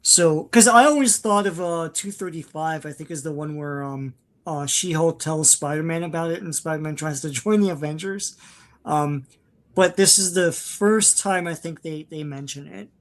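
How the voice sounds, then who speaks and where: A man's voice: on the high side, moderate pace. A man co-hosting a casual comic book show, sharing trivia with many fillers and laughs. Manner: knowledgeable, hesitant fillers, laughs often. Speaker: podcast co-host.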